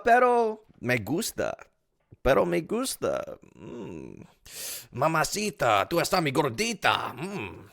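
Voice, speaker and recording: A man putting on the voice of a flirty man crooning a mock Spanish love line, slow and drawn out. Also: on the high side, a little mellow, voice pushed up, full character voice.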